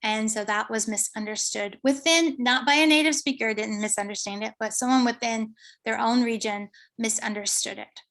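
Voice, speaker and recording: Higher-pitched woman presenting her research. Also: steady tone, normal speed, few pauses, fairly bright tone. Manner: explanatory, with frequent um fillers. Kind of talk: academic conference presentation.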